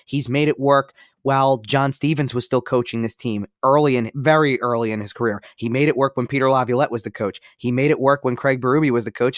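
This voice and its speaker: A man's voice: mid-range voice, no room sound, clean studio sound. A man co-hosting a podcast in casual sports talk, rambling and repeating himself with many fillers. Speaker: podcast co-host.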